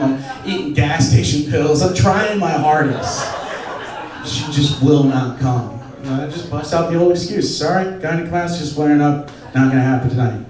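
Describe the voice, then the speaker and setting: A young man doing a crude, self-deprecating, conversational stand-up set on a comedy club stage. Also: medium pitch. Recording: echoey club, distant mic, audience laughter.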